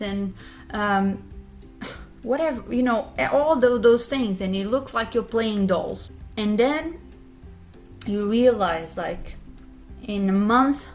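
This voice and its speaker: Thirties woman, mid-pitch, candid pregnancy vlog, rambling and emotional, faint music under. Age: 30s. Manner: emotional, rambling, heavy on "you know" and "like". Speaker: pregnant vlogger. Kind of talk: casual confessional vlog chat.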